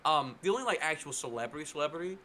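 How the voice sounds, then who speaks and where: His voice is a little high and very quick, with a faint hiss or hum on the recording. This podcast co-host from North Carolina tells loose, casual stories packed with "like" and animated impressions of whoever he's quoting.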